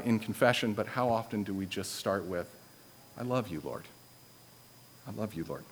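Man preaching in a reverberant hall. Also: medium pitch. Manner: conversational teaching with dry self-deprecating humor. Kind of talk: sermon.

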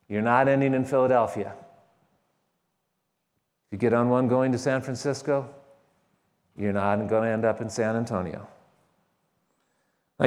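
Male pastor, mid-pitched, emphatic sermon delivery, echoing church hall. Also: darkish tone. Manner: emphatic, repeats key phrases with shifting stress.

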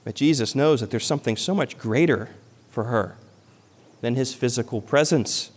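A man's voice: medium pitch, normal speed, husky. Earnest male pastor in a reverberant hall. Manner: earnest, rising to emphatic peaks. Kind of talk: sermon.

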